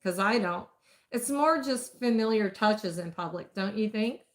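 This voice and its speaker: A woman voicing a steady, protective older man in a romance audiobook reading, speaking in a low, firm murmur. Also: a little slow, lightly acted. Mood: dismissive.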